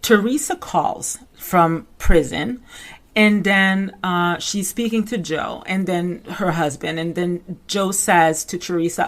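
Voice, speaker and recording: A woman's voice: lowish voice, measured pace. A woman recapping a reality show in casual commentary, chatty and full of "like" fillers, acting out what people said. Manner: chatty, many "like" fillers, acts out quotes.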